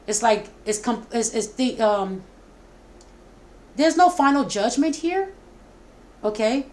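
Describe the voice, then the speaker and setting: A middle-aged woman giving a casual spoken tarot reading, talking in a warm, repetitive way that often stumbles. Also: fairly high pitch, expressive, takes it slowly. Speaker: tarot reader.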